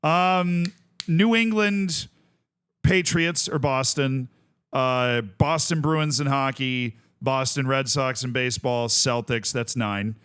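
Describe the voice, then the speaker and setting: A man's voice: mid-range voice, steady tone, slow, fairly bright tone, clean tone. A young man from Tampa streaming a game, chatting casually and thinking aloud as he lists things and corrects himself. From Tampa, Florida. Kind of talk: casual livestream chat.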